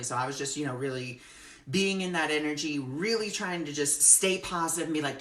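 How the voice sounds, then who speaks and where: Low-voiced woman giving a spiritual talk. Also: moderate pace. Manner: earnest and expressive, acts out her own panic; reads and greets viewers' comments. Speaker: spiritual teacher hosting a live discussion. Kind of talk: live-streamed spiritual talk. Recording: roomy echo.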